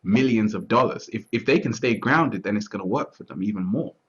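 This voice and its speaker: A man talking through his thoughts in a relaxed, reflective conversation, often restarting and asking whether he is understood. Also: fairly low pitch, brisk, breathy edge. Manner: repeats words, restarts often, asks "you see what I'm trying to say". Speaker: interview guest. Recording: dull lo-fi audio.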